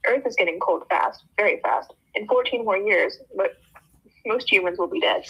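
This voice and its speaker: A young woman hosting a book club, reading a novel aloud in an animated first-person voice with casual asides. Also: mid-range voice, normal speed, husky, muffled recording.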